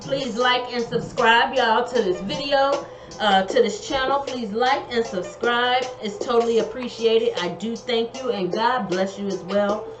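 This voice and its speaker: A woman's voice: fairly high pitch, measured pace, dull audio. A woman giving an online tarot reading in an emphatic, colloquial way, repeating her advice. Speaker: tarot reader. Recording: echoey room, music behind.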